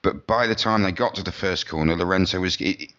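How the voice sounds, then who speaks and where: A man's voice: sits low, fast, fairly bright tone, highs cut off. A man co-hosting a podcast who talks about motorbike racing in a rambling, chatty way, often restarting his sentences. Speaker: podcast co-host. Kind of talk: casual motorsport chat.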